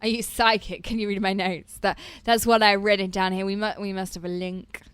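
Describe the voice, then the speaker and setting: A woman's voice: medium pitch, flat delivery, a little fast, fairly bright tone, clean tone, dry recording, lightly acted. A woman playing an overconfident young designer. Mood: breezy. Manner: breezy, overconfident salesy patter. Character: eager, scheming young female designer pitching.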